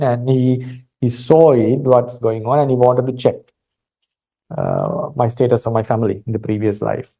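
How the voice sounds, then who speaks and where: Gravelly-voiced Sri Lankan monk, calm teaching. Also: male voice, mid-range voice, muffled recording. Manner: calm, explanatory, many fillers and restarts. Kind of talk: dharma talk retelling a story.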